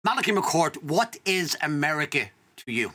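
Irish guy hosting a chat show, high bright voice, laughs a lot, gets emotional. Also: sing-song, normal speed. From Ireland. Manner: openly emotional, chatty, laughs often. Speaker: host. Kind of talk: casual interview chat.

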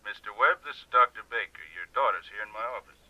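An actor playing a calm, firm country doctor in a 1970s TV drama, speaking in a measured, insistent way. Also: male voice, lowish voice, highs cut off, crowd noise, lightly acted. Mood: guarded. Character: calm, firm small-town male doctor.

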